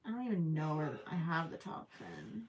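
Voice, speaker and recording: A woman's voice: deep voice, moderate pace, dull audio. A woman chatting casually with her viewers while she crochets, rambling with plenty of ums and self-deprecating asides. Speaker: crochet livestream host.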